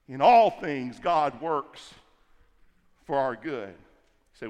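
Male pastor, middle-aged, high voice, emphatic sermon delivery, repeats phrases, echoing church hall. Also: a little slow, pauses often, muffled recording. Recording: long hall reverb.

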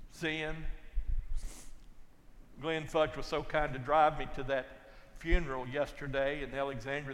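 An older man preaching a sermon, telling folksy stories and swinging from loud to hushed. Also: on the high side, big-room sound. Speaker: pastor.

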